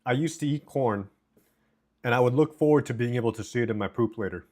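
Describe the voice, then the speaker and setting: A man with a medium-pitched, darkish voice talks quickly during a home livestream, eating as he reads chat aloud and chats casually. He's indoors, using a desk mic with noise cancellation.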